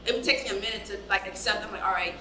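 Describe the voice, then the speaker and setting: A woman in a casual chat with her sisters, talking in an animated, expressive and slangy way. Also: mid-range voice, very fast, heavy background noise. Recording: roomy with a lively crowd.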